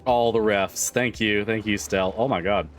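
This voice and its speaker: A man's voice: on the low side, fairly even intonation, normal speed, soft background music. A man livestreaming, chatting casually with viewers, laughing often, swearing freely and rambling through restarts. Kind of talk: casual chat with stream viewers.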